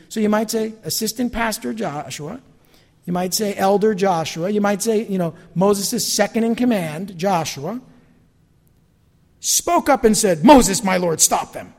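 A man's voice: high-pitched, a little mellow, in a large hall. A pastor delivering a sermon in a church, talking animatedly and acting out the voices of people he quotes.

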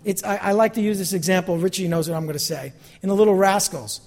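A man's voice: high-pitched, quick pace, gravelly, a little mellow, in a large hall. A pastor delivering a sermon in a church, talking animatedly and acting out the voices of people he quotes.

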